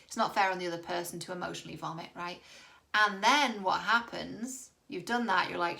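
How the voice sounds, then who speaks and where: A woman dating coach speaks to her viewers with a somewhat low, gravelly voice and a bright tone. She is candid and reassuring, and lets a casual swear slip now and then. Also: steady tone, brisk. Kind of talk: direct-to-camera advice vlog.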